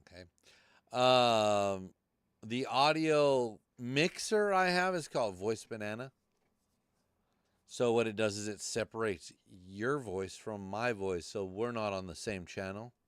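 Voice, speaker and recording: A man's voice: on the low side, lively intonation, a little slow, clear, resonant tone, no echo. A man hosting a live podcast stream, talking loosely and cursing as he rambles through tech troubles. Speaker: podcast host. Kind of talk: casual live-stream chat.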